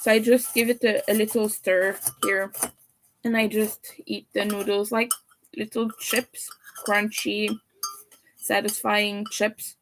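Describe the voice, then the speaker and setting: Slow-talking woman chatting on a livestream. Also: medium pitch, flat delivery, background noise. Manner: chatty, talks while eating. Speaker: livestreamer and crocheter. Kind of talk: casual livestream chat.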